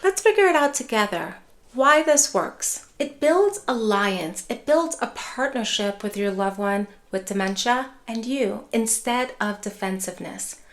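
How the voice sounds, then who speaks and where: A woman teaching caregivers in a calm, measured voice. She speaks steadily and reassuringly, with the clear pacing of a prepared lesson to camera. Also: fairly high pitch. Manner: calm, measured, reassuring delivery with acted example phrases. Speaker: neuropsychologist and dementia care educator. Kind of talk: scripted educational talk to camera.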